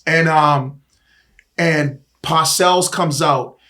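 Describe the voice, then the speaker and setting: A man's voice: on the high side, very slow. A man in his forties from East Boston with a Boston accent, a guest telling rambling, profane stories in a casual podcast chat. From East Boston, USA. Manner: animated, rambling, profane, laughing often. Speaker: guest, former pro football player.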